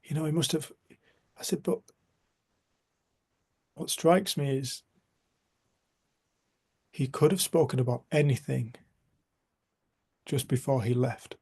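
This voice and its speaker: A man's voice: medium pitch, slow, pauses often, a little mellow, slightly rough. A middle-aged man, leading a group and telling a personal story in an earnest, heartfelt way, often dropping to a near-whisper, heard over a video call. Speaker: group facilitator.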